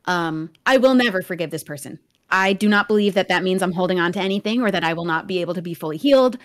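A young woman joining a stream chat as a guest, speaking earnestly and firmly in a soft voice. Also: fairly low pitch, fast. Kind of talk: casual chat.

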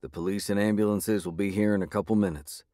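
A man voicing a huge blue werewolf ex-soldier with an East Texas drawl and a low, growly voice. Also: steady tone, quick pace, dark tone, no room sound, studio quality, lightly acted. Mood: calm reassuring.

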